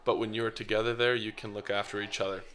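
A man's voice: on the low side, level tone, quick pace, fairly bright tone. A young man co-hosting a casual chat, tossing in dry teasing remarks. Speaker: podcast co-host.

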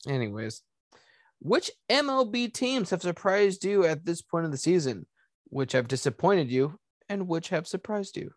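A young man co-hosts a podcast, joking and swearing, often trailing off mid-thought. His pitch swings up and down a lot. The sound is dry and close. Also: big pitch swings, moderate pace, no room sound. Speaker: podcast co-host. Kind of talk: casual chat.

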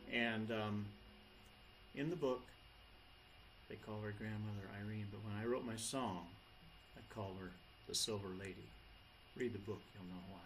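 Speaking at a moderate pace in a fairly low voice, a man who sings folk rock gives meandering stage chat between songs, frequently starting over. The audience is present, an acoustic guitar plays, and there's a touch of hiss or hum.

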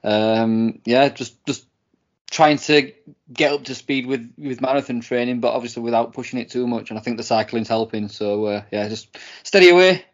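Relaxed, hesitant man co-hosting. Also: mid-range voice, normal speed, highs cut off. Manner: relaxed, hesitant, many restarts. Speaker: podcast co-host. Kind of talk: casual podcast chat.

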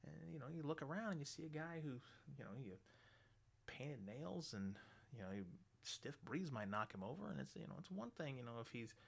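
A middle-aged man hosting a radio show, ranting bluntly and swearing constantly, loud and animated. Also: on the high side, a little fast, gravelly, husky. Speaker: radio host. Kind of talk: profane ranting monologue.

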